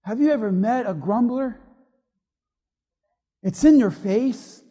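Pastor, male, very high voice, emphatic sermon delivery, long church-hall reverb. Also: takes it slowly, husky. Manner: emphatic preaching, swinging from loud to hushed.

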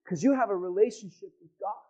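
A man preaching a sermon to his church, swinging between loud shouted pleas and quiet asides. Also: sits high, fast, breathy edge, dull audio. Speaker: pastor. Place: church hall with congregation.

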